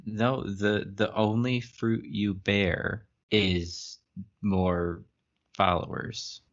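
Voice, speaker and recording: A man with a lowish voice draws out his words and barely moves his pitch while reading a book aloud. Co-hosting a casual podcast, he laughs at the text and makes wry jokes, heard through a muffled lo-fi recording.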